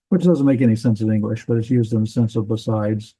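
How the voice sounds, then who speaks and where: A man teaching a Bible language class, explaining in a relaxed way with fillers. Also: fairly low pitch, quick pace, hardly any pauses, husky, poor audio. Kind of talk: classroom lecture.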